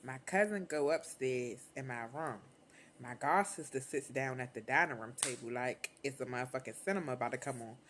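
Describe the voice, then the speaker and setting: A young adult woman vlogger telling a storytime in casual, slangy, profane talk, animated and unfiltered. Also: rumbling low, fairly quick, slight background noise.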